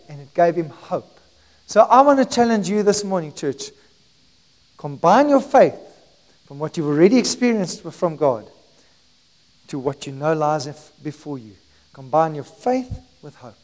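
A man preaching a sermon as pastor, emphatic and rising in volume, slowing on key phrases. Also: a little high, lively intonation, darkish tone, rough recording.

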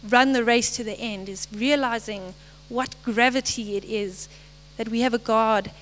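A young woman giving a short, earnest devotional message, halting now and then and apologizing as she goes. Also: on the high side, steady tone, fairly bright tone, slight background noise, low-quality recording. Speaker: lay speaker.

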